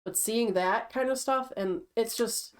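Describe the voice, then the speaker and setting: A woman's voice: on the high side, unhurried. A woman chatting casually with a friend on a stream, telling stories in a matter-of-fact way. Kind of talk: casual chat.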